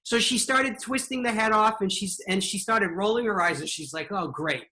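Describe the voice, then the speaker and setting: A woman hosting an online show, telling a story in an animated, chatty way. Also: medium pitch, normal speed, poor audio. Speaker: host. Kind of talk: casual storytelling.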